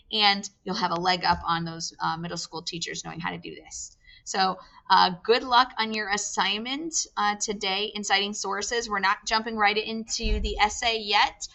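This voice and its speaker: A woman's voice: medium pitch, pushed and bright. A woman teacher giving a recorded lesson to young students, explaining step by step with patience.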